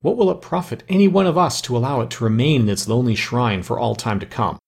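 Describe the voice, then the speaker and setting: A man's voice: medium pitch, fast, creaky, husky. A man voicing a noble male forest immortal who pleads earnestly and solemnly with his fellow immortals. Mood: persuasive.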